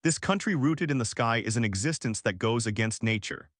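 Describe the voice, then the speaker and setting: A man's voice: mid-range voice, animated, a little fast, a bit bright, no room sound, studio quality. A man reading the lines of an arrogant self-proclaimed god in an audiobook, with a haughty, lofty delivery. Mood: grandiose.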